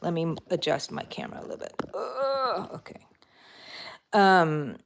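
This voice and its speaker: A woman's voice: low voice, normal speed, gravelly, background noise. A middle-aged woman, chatting casually with live viewers while she crochets. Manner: chatty, laughing, talks to viewers. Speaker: crochet vlogger.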